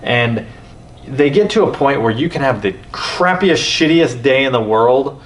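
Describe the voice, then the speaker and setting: A man hosting a podcast, telling stories in a rambling, animated way with many restarts. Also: medium pitch, a little slow. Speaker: podcast host. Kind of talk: casual conversation. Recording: distant mic with faint background noise.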